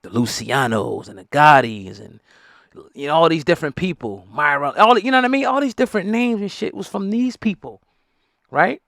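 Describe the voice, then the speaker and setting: A man's voice: a little high, animated, fairly quick, a bit bright, no echo, clean studio sound. A middle-aged man, giving heated, blunt, profane commentary. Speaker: hip hop news commentator. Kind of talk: opinionated commentary.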